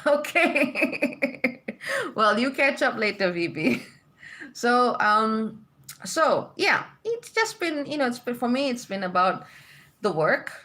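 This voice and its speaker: A woman's voice: medium pitch, sharp tone. A woman from Malaysia hosts a spiritual livestream, chatting casually with her viewers. She reads out their comments and greets each one. Her voice sits in a middle register, and she laughs easily between thoughts.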